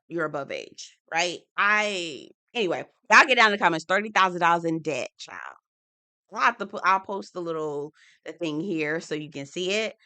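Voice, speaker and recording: Chatty young woman TV recapper, sassy asides, low-set but bright, forceful tone. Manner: chatty, sassy, repeatedly asks viewers to comment. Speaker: TV recap YouTuber. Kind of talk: casual reality TV commentary.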